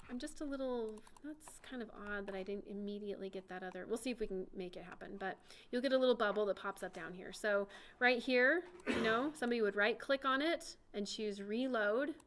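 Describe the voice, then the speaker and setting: A woman giving a chatty software lesson, talking through each click and keystroke as she demonstrates. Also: mid-range voice, a little fast. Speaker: CAD instructor.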